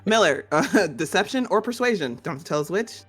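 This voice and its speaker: A woman's voice: lowish voice, expressive, a little fast, husky, faint music behind. A woman running a tabletop game, humming and musing, asking curious questions. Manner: curious, musing, lots of hums. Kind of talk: in-character role-play and game rulings.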